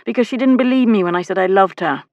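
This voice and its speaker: A woman's voice: mid-range voice, quick pace, no echo, muffled recording, natural voice. Woman voicing an understated, wry sea captain. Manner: calm, dry and understated.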